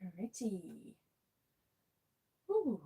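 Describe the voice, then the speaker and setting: Soft-spoken, husky woman reading tarot. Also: medium pitch, very animated, very slow. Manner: soft-spoken, giggly, often drops to a murmur. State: losing her voice. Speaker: tarot reader. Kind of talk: livestream card reading.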